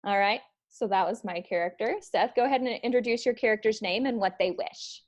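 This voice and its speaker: A woman's voice: a little high, a little fast. A woman teaching an online improv class in a casual way, with plenty of fillers. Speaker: improv instructor. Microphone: video call.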